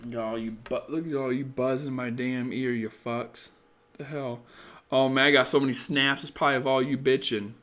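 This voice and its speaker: A man's voice: medium pitch, fairly even intonation, normal speed, a bit bright. A tired young man hosting a casual live stream, giving blunt, profane dating advice and chatting with viewers in a rambling way.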